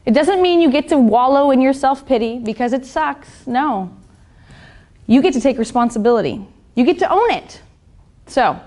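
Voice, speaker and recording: Blunt, high-voiced woman coach. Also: a little mellow. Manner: blunt and profane, keeps asking the audience "right?". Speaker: business and fitness coach. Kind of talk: motivational seminar talk.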